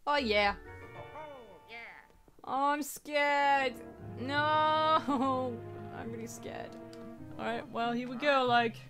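A woman giving casual, excitable commentary while playing a video game, swearing and shrieking at what happens on screen. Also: high voice, drawn-out words, pauses often. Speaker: let's play gamer. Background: game music.

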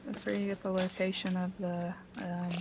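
A woman's voice: fairly low pitch, little pitch movement, normal speed. Teasing woman co-streaming a game. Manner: teasing, laughs easily. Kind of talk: casual gameplay chat. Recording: noisy stream audio.

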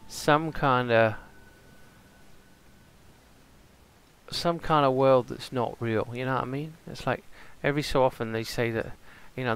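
A man's voice: mid-range voice, fairly bright tone, clean tone, lightly acted. A man playing an easygoing male pirate in a game role-play stream, rambling and musing aloud to himself.

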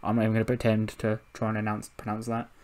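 A man's voice: fairly low pitch, completely flat delivery, fast, darkish tone. A man narrating a wrestling management game in a laid-back, casual way, swearing freely. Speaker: video game commentator. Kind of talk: casual let's-play narration.

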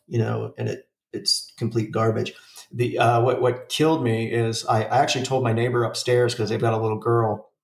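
A man's voice: lowish voice, creaky, echoey room, recorded from a distance. A man in his forties telling a rambling, profane story in a casual podcast chat. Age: 40s. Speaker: podcast co-host.

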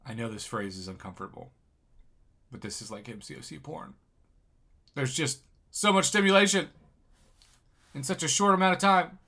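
Bright-voiced excitable gaming commentator man. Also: mid-range voice. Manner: excitable, jokey, bursts of loud surprise. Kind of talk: reaction commentary on crystal openings.

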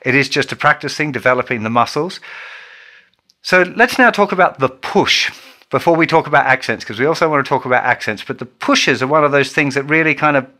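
A man teaching a guitar lesson in a relaxed, chatty way, counting beats aloud as he plays. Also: medium pitch, fairly quick. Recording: loud guitar under the voice. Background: electric guitar playing.

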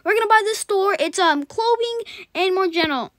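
A woman giving rapid, rambling, excitable commentary while playing a video game. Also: very high voice, no room sound. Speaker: gaming channel host. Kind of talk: gameplay commentary.

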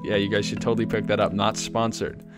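A man giving playful, joking gameplay commentary, excitable and often jumping up into a high voice when baffled. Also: fast talker, over loud music. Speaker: gaming YouTuber.

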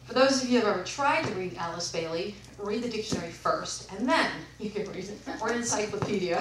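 A woman's voice: mid-range voice, lively intonation, fast, few pauses, far from the mic, background noise. A woman vlogger talking casually and reading aloud from books, rambling and often correcting herself. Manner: rambling, with frequent self-corrections. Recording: echoey room, away from the mic.

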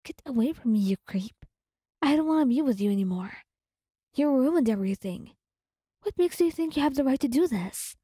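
An indignant young woman in whispered role-play, voiced by a woman, breathy and mellow in tone. It is recorded close and dry with no room around it. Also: sits high, animated, moderate pace, no room sound, pitched above the performer's own voice. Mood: angry. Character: upset young woman, angry at her ex.

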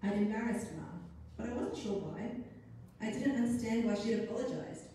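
Woman, writer, live reading, expressive, distant mic, faint background noise. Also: mid-range voice, normal speed, very echoey. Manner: expressive, first-person storytelling. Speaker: writer reading her own story. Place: arts centre event room.

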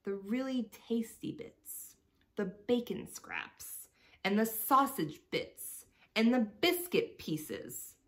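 A woman voicing a greedy, bullying female rat with a raspy, wheezing, screeching voice. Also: fairly high pitch, animated, takes it slowly, voice pushed up. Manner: screeching, snapping.

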